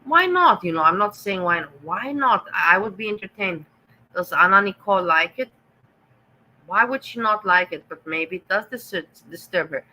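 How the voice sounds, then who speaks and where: Bright-voiced German-accented woman streamer. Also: lowish voice, moderate pace, rough recording. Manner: sarcastic, teasing, talks straight to chat. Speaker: livestream host reading chat. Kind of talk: casual livestream chat.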